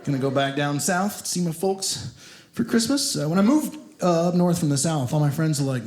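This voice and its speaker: On a comedy club stage, a Kentucky man performs stand-up in a fairly high voice at a moderate pace. He tells animated stories and acts out the voices of the people in them. The theater is echoey, with loud audience laughter and slight background noise.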